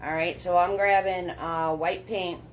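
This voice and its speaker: A woman's voice: fairly low pitch, steady tone, a little hiss or hum, low-quality recording. A woman teaching a live paint-along class, chatty and encouraging, talking herself through each brush step with little laughs. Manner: slow, unhurried delivery with little laughs. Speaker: painting instructor.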